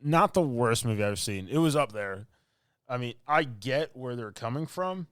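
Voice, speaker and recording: A man's voice: medium pitch, expressive, normal speed, a bit bright, no room sound, studio quality. A man co-hosting a podcast, casually recapping a movie in a rambling, filler-heavy way and laughing often. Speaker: podcast co-host.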